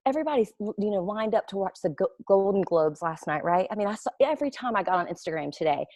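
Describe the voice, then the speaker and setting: Woman in her thirties, chatty recruiter, animated storyteller, dry close mic, mid pitch. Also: fast, dry recording. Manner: chatty, animated storyteller with playful quoted voices. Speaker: network marketing recruiter. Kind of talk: casual webinar talk.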